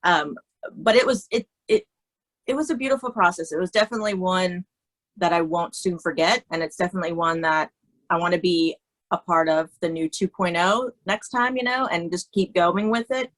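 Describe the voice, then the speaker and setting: A woman's voice: on the low side, moderate pace, a bit bright, poor audio. A woman, a makeup artist, talking in a casual conversation, chatty and laughing, often restarting her sentences. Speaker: guest, cosmetologist and makeup artist.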